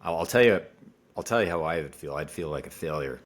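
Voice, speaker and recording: A man with a very low voice speaks earnestly in a casual podcast conversation. He circles back to the same phrases over and over to stress how strongly he feels. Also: lively intonation, quick pace. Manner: earnest, repeats phrases for emphasis. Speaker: podcast co-host, father.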